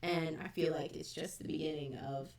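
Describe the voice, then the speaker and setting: A woman with a gravelly, low voice co-hosting a fan discussion. She speaks earnestly and in measured phrases, in a roomy echo. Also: fairly even intonation, a little mellow, far from the mic. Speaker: podcast co-host.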